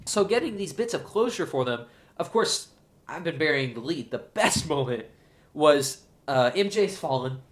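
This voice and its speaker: A man hosting his own show, giving an excited, gushing solo movie review. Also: on the high side, moderate pace. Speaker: show host, film reviewer.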